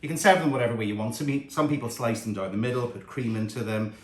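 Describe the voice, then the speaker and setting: A man's voice: mid-range voice, fast. A man hosting a home cooking demonstration, talking chattily and admiring the food as he goes. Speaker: cooking show host. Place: home kitchen. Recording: echoey room with faint kitchen clatter.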